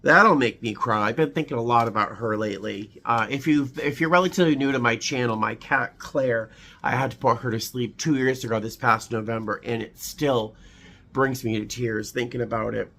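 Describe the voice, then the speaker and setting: Opening holiday cards on his channel, a tearful vlogger speaks at normal speed in a mid-range voice that sounds pushed and bright. His emotional, casual talk drifts into sentimental memories, with many fillers and restarts.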